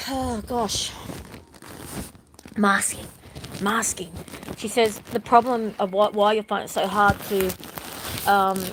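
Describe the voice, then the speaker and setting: A woman's voice: mid-range voice, poor audio. Woman vlogger, candid and rambling, home phone recording with faint noise. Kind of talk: casual personal vlog.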